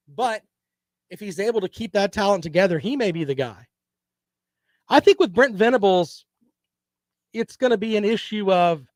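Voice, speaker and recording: A man's voice: high voice, dry recording. A man hosting a casual live-stream sports talk show, giving opinions and reading viewer comments.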